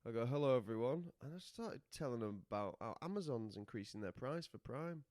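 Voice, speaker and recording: A man co-hosts a podcast in casual chat, teasing his co-host with wry humor. His mid-range voice is lively in intonation, a little fast and slightly mellow. The recording is dry, with a clean studio sound.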